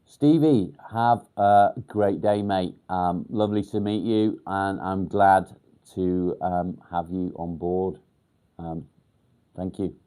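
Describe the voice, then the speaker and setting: A man from near Warrington in England, chatting casually on a livestream and reading comments, pausing often to think and filling gaps ums. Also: sits low, dark tone, clean tone. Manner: halting, pauses to think with many ums; swears casually. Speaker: livestream host.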